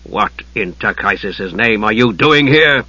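A stern, blunt male knight, as a narrator plays him, low and gruff, pressing his questions without letting up. The husky read has a dry, slightly muffled audiobook sound. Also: steady tone, brisk, a bit bright, no echo. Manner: gruff, relentless.

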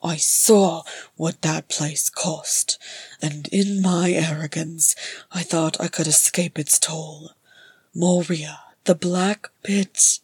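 Woman voicing a harsh raspy old dwarf man, loud and breathy, full of guilt; storybook reading. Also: deep voice, steady tone, slow pace, no echo, heavily acted. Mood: bitter. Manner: anguished, loud, biting.

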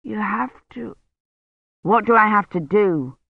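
A woman's voice: mid-range voice, expressive, normal speed, creaky, no room sound. A woman voicing a weak, feverish young man who murmurs faintly and strains to speak. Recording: dull lo-fi recording.

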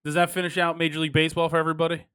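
A man hosting a casual sports betting chat, joking and moving the show along quickly. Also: a little high, little pitch movement, a bit bright, clear, resonant tone. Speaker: podcast host.

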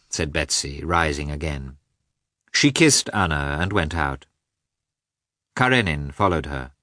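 A man reading a novel aloud in scripted narration, measured and expressive. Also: very deep voice, no echo, clean studio sound. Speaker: audiobook reader.

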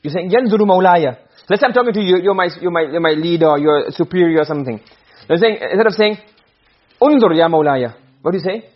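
A man teaches a classroom lesson point by point, repeatedly asking the students whether they follow. His voice is high-pitched and fast, and the recording sounds muffled.

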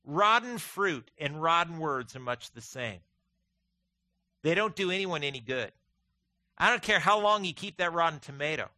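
A man preaching a sermon to his congregation, folksy and animated, mixing stories and humor with scripture. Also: fairly high pitch, normal speed, no echo. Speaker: pastor.

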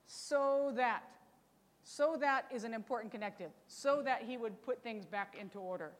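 A woman's voice: fairly high pitch, normal speed, long reverb tail. A woman teaching a Bible study lesson in a chatty, teasing way, often asking rhetorical questions.

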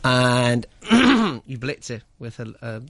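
A guest cook on a radio show chats casually about food and diets in a medium-pitched, slightly bright voice. He's very animated but speaks slowly, rambling enthusiastically with lots of fillers and restarts.

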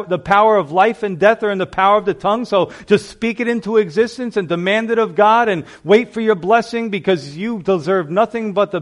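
Guy preaching, pretty high voice, earnest, leans hard on the scripture bits. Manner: earnest, reads scripture aloud with emphasis. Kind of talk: sermon.

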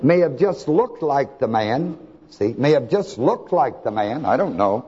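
A man preaching a sermon, asking his listeners to fill in words and swinging between soft talk and shouts. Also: mid-range voice, sing-song, unhurried, husky. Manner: asks the congregation to fill in words. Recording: long hall reverb, dull lo-fi sound.

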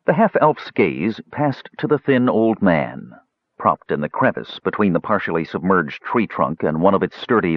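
Deep, expressive male audiobook narrator. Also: no room sound. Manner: expressive, measured reading. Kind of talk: scripted fantasy narration. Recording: dull lo-fi dry recording.

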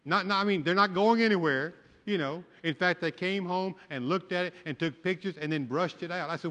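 A man's voice: high voice, a little fast, hardly any pauses, bright, forceful tone. An older man, a pastor, preaching a sermon with folksy storytelling and humor. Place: church sanctuary. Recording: long church hall reverb.

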